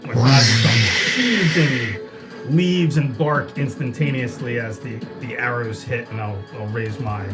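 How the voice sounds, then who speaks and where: A man with a medium-pitched voice plays at a tabletop game table. He talks in a relaxed, casual way as he calls out his spells and rolls, with loud music playing behind him. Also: unhurried. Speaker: player.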